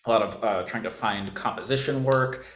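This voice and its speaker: A young man from New York with a general American accent, chatting in a relaxed, rambling way as a guest musician. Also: lowish voice, normal speed, a little hiss or hum. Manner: relaxed, rambling, laughs often. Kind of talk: casual interview chat. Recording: roomy echo.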